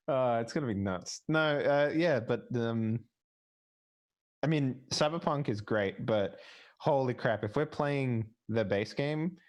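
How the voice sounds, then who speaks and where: A man's voice: mid-range voice, a little mellow. A man, a player in a tabletop game, chatting casually and animatedly, swearing freely and laughing often. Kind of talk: casual pre-game chat.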